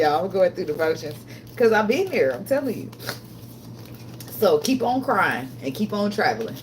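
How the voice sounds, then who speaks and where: In a casual tarot reading vlog, a woman speaks bluntly and swears a lot, often laughing and getting emotional. Her fairly low voice is very animated and moves at a normal speed over a noisy background.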